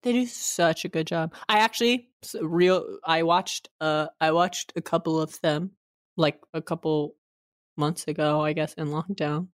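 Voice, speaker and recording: A woman guest on a comedy podcast, joking absurdly through rapid-fire questions over a video call. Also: low-pitched, no room sound, studio quality. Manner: playful absurd joking, breaks into squeals.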